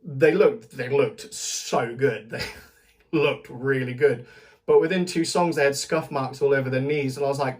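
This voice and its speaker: A man's voice: medium pitch, steady tone, normal speed. A British man giving a casual, rambling spoken recap to camera, chatty, laughing often and restarting his sentences. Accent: British English. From Britain. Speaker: vlogger.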